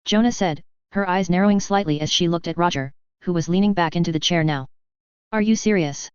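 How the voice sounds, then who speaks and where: A woman narrating a fan fiction story in a steady, even manner. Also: fairly low pitch, fast, smooth, no echo, highs cut off.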